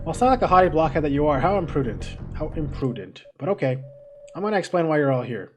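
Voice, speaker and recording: A woman's voice: low-pitched, sing-song, fast, dull audio. A woman voicing a haughty, insulting cube-shaped mascot villain from a game, with mocking, vulgar taunts over faint music. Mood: scheming.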